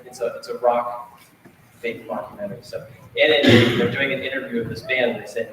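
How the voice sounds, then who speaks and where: A man's voice: medium pitch, a little fast. A man in his thirties or forties speaks to a school concert audience, earnest and loose, with fillers and restarts. He is heard from far across a very reverberant auditorium. Room noise hums underneath. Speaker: band director.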